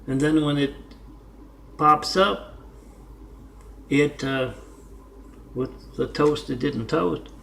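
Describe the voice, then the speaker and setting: A man's voice: a little high, very slow, vocal fry, long pauses, a bit bright, slight background noise. A man talking casually on his art vlog, rambling between stories and repeatedly spelling out his web addresses. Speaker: artist vlogger.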